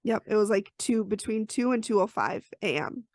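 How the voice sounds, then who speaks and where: A woman's voice: mid-range voice, lively intonation, moderate pace, darkish tone, no room sound. A woman hosting a podcast, recapping an episode in a chatty, storytelling way with personal asides. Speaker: podcast host.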